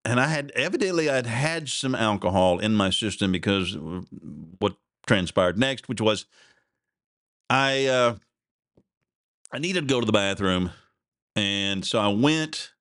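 A man's voice: on the low side, expressive, a little slow, pauses often, a bit bright, no room sound, clean studio sound. A man, hosting a podcast and telling a rambling personal story in a self-deprecating, chuckling way. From Oklahoma. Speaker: podcast host.

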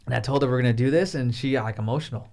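A man's voice: medium pitch, very fast, creaky, a little mellow. A young man in casual chat, telling stories with lots of slang and swearing, now and then acting out his friends' lines in a raised voice. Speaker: podcast guest.

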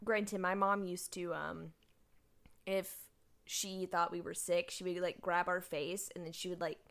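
A woman's voice: on the low side, little pitch movement, measured pace, gravelly, fairly bright tone. A woman co-hosting a casual podcast. She talks in a chatty way, uses lots of fillers and laughs easily. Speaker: podcast co-host. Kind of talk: casual chat.

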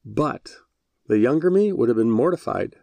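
Man, middle-aged, podcast host, storytelling, self-deprecating, mid pitch, dry close sound. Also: animated, moderate pace, gravelly, mellow, dry recording. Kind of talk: solo podcast monologue.

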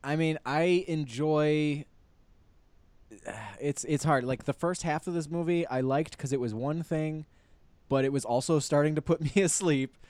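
A man with a fairly high yet mellow voice hosts a film podcast. His manner is easygoing and laid-back. His voice is recorded close and dry, with no room sound. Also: measured pace, no echo. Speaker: podcast host. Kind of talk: casual film discussion and sign-off.

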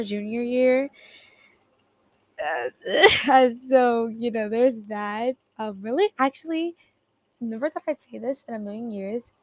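A teenage girl hosting a podcast in a casual chat, rambling, giggling and correcting herself as she talks, at her computer in her bedroom. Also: on the high side. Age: teens. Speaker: podcast host. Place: bedroom at home. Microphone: headphones at a computer keyboard.

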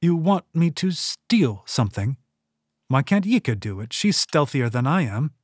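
Male narrator reading a guarded young thief for an audiobook; terse, unhurried, dry. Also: on the high side, big pitch swings, dry recording. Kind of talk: audiobook character voice.

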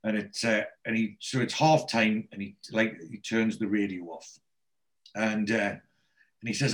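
A man's voice: lowish voice, fairly even intonation, unhurried. A man hosting a podcast, recapping a TV episode in casual chat as a rambling storyteller full of restarts and asides.

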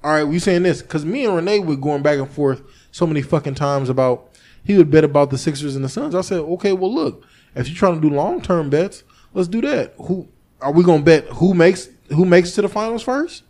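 Animated, slightly high-voiced podcast host. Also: male voice, fairly quick. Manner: animated storytelling, acting out his own past lines, swearing freely. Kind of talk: casual chat.

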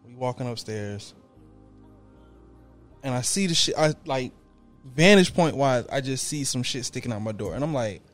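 A man's voice: mid-range voice, animated, normal speed, long pauses, soft background music. A young man on a podcast, casually telling a story and acting out his own profane reactions. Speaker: podcast co-host.

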